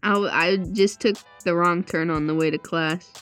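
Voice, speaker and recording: A woman's voice: on the low side, steady tone, normal speed, faint music behind. A woman guest on a podcast, chatting casually and dropping dry one-liners. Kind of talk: casual chat.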